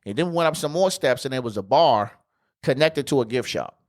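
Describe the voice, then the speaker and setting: A man's voice: mid-range voice, lively intonation, brisk. A man with an ordinary mid-range voice rambles through a travel story on his podcast. He talks casually, swears freely and leans on slang, filling the gaps with fillers as he goes. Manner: slangy and profane, heavy with fillers. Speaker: podcast host.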